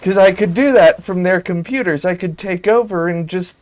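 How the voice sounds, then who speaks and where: A young man chatting casually on a stream, telling stories in a dry, deadpan way. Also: high-pitched, normal speed. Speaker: stream co-host. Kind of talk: casual chat while gaming.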